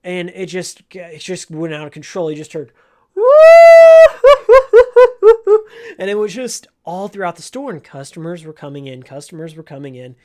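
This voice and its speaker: A man telling an emotional story from his old job in a casual vlog, in an earnest, heartfelt way. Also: on the high side. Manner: slow, earnest, emotional retelling. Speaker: vlogger, former game store clerk.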